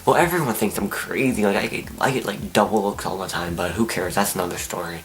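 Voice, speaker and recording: A teenage young man, telling a story to camera in an excitable, animated way. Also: on the low side, fast, a little hiss or hum. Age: teens. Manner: excitable, animated, acts out his own screams and whispers. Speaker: vlogger.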